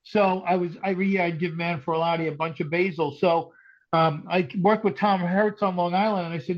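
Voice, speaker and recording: A middle-aged man with a high voice tells stories in loose podcast chat, acting out every quote. His voice comes through a dull, lo-fi recording. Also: normal speed. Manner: animated storyteller, acts out quotes. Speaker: comedian and podcast regular. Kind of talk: casual storytelling chat. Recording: dull lo-fi sound.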